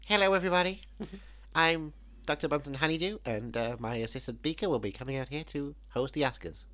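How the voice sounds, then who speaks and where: A man's voice: fairly high pitch, a little fast, fairly bright tone, voice pushed up, lightly acted. A man voicing a fussy, cheerful puppet scientist who makes officious announcements. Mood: chirpy announcing.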